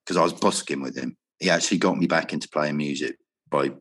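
A man's voice: low-pitched, a little fast, a bit bright. A man in a casual interview, telling rambling stories about music and travel, swearing freely and laughing often. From Wales. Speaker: guest musician.

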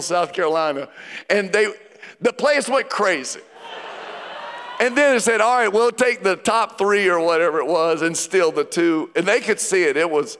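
A man preaching a sermon as pastor, telling stories with rising excitement and joking asides. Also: high-pitched, slight background noise. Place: church auditorium. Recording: long reverb of a large hall.

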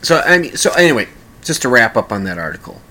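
Male podcast host, chatty and rambling, bright forceful tone. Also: mid-range voice, sing-song, fast talker, a little hiss or hum. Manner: rambling, with many restarts and sung mock lyrics. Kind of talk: casual monologue.

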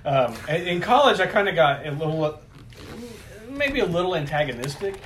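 A middle-aged man talking casually over beers, his voice rising and falling with lively swings in pitch. He wanders through his thoughts, corrects himself mid-sentence, and swears freely. His voice sits a touch higher than most men's. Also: moderate pace, slight background noise. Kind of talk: casual chat.

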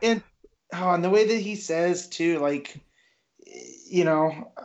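A man's voice: high voice, slow, lo-fi sound. A man co-hosting a podcast, chatting about comics in a loose, hesitant way. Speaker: podcast co-host. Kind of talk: casual comic book discussion.

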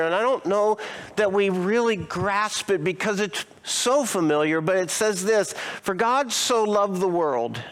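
Preaching with expression, a high-voiced male pastor throws rhetorical questions at his congregation and slows his delivery to stress important phrases.

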